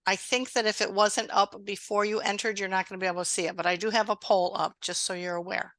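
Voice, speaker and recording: This middle-aged woman hosts an online exam-prep session with a bright, ringing voice. She sounds close and dry on a video call, chatting and encouraging her listeners. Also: medium pitch, steady tone, quick pace, dry recording. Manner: warm, encouraging, conversational. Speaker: webinar host and exam prep instructor. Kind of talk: live online webinar.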